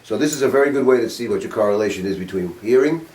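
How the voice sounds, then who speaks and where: A man's voice: lowish voice, expressive, rapid-fire, darkish tone. A man in his sixties giving a saxophone master class to a group in a studio, casual and demonstrative with offhand jokes. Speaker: saxophone teacher. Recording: roomy room, mic at a distance.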